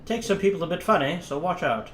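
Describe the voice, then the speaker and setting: A man's voice: a little high, lively intonation, fast talker, fairly bright tone, voice pushed up. A man voicing a careless male train guard who speaks in an offhand way. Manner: offhand, casual. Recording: echoey room, faint hiss.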